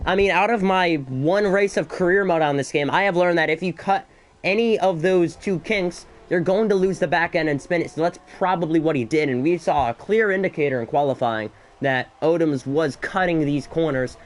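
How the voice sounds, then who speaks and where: Breathless excitable man calling a sim race. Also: fairly high pitch, moderate pace. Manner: excitable, rising to shouts in battles, chatty asides. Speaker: esports race commentator. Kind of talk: solo live race commentary.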